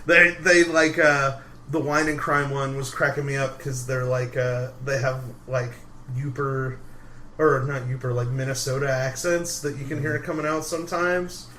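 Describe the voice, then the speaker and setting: Podcast co-host, young man, bright voice, rambling banter with constant laughs, light hiss behind. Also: medium pitch, fairly even intonation, normal speed. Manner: laughing often, rambling with fillers. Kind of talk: casual banter.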